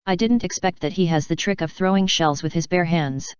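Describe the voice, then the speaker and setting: Woman reading a whiny young male pirate, smooth voice, dry lo-fi audio. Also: fairly low pitch, fairly quick, dry recording, natural voice.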